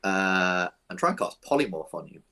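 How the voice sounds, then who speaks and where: A man narrating as dungeon master, relaxed and descriptive, thinking aloud with fillers. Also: deep voice, normal speed. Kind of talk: narrating a tabletop game.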